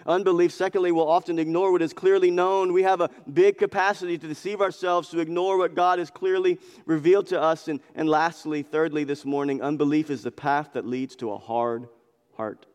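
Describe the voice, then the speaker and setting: A man's voice: fairly high pitch, steady tone, a little fast, darkish tone, clean tone. A man preaching an expository sermon in a church, talking with emphatic passion and repeating phrases for emphasis. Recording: long reverb of a large hall.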